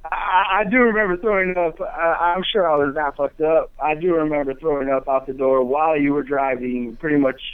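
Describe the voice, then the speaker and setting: A man's voice: on the high side, fairly even intonation, brisk, hardly any pauses, smooth. Sheepish man on a phone line. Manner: sheepish, self-deprecating. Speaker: guest, friend on phone call. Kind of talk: casual chat over phone.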